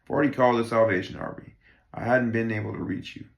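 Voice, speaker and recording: A man cold-reading a play, voicing a polite, guarded young woman who speaks in a hesitant, measured way. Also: medium pitch, fairly even intonation, creaky, highs cut off, close to an everyday voice. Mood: explaining. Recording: roomy echo.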